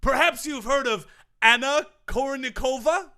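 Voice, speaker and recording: A man's voice: a little slow, full character voice. A man acting a boastful, self-important male tennis grunt coach in a comedy sketch, showing off grunt sounds. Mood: smug. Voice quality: high, bright, swooping voice with loud demonstrated grunts. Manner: pompous and self-congratulating. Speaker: sketch character.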